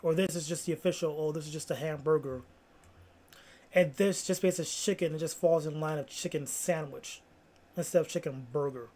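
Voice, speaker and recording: A man's voice: fairly high pitch, fairly quick, a little mellow. A man hosting a casual video, rambling through tangents and pleased with himself. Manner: rambling, self-amused, full of "like".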